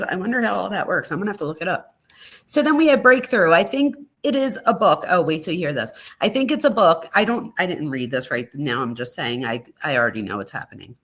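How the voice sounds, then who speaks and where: A woman's voice: lowish voice, quick pace. Chatty woman hosting a live reaction. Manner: chatty, animated, talks to chat viewers. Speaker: true crime reaction host. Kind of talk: live-stream reaction reading letters aloud.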